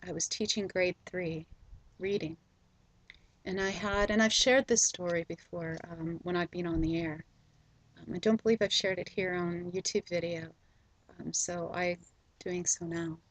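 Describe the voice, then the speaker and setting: Middle-aged woman, husky voice, gentle slow storytelling, dry close sound. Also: lowish voice, steady tone, no room sound, rough recording. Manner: soft, slow and gentle with frequent ums. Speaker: spiritual video host. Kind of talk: reflective personal storytelling.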